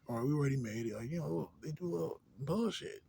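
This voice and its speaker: A man ranting in a rambling, profane, casual way, drifting between low mutters and louder outbursts. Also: fast talker, gravelly, a little hiss or hum. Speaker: vlogger.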